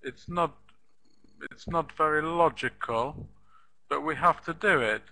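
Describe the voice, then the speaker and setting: Man, English teacher, very slow, patient, repeats words, spells them out, bright voice. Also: on the high side, poor audio. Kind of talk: online English lesson.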